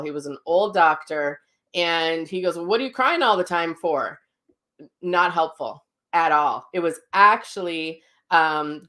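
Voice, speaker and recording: A woman's voice: on the low side, a bit bright. A middle-aged woman hosting her own show, talking casually and candidly, rambling with fillers and self-corrections. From Minnesota. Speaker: psychic medium host. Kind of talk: casual personal talk.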